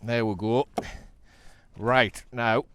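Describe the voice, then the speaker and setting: A man with a North East English accent talking casually to the camera from a sea kayak while he fishes, chatty and excitable, laughing often and talking to the fish. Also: medium pitch, extremely slow, clean tone, no room sound. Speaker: kayak angler.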